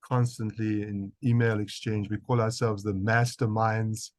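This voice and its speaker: A man's voice: lowish voice, flat delivery, unhurried, darkish tone, no room sound. A man with a South African accent, a physician answering interview questions emphatically, often repeating words as he restarts. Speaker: guest physician.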